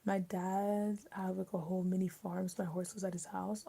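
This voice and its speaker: A young woman from Maryland hosts a casual livestream, chatting to her viewers in a loose, rambling way. Her speech is full of fillers and restarts. Her voice is warm and mellow. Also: on the low side, level tone, fairly quick, gravelly, slightly rough. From Maryland, USA. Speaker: livestream host.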